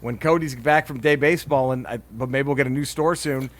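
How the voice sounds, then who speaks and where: This man's voice sits at a medium pitch, and he talks briskly. As a podcast co-host in casual banter, he jokes profanely, laughs often, and rambles, restarting his sentences.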